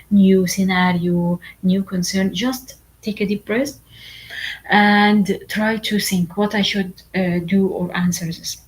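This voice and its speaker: A woman whose first language is Arabic, lecturing medical exam candidates in a halting, repetitive way, full of fillers and asking "okay?" often. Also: mid-range voice, poor audio. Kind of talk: online lecture.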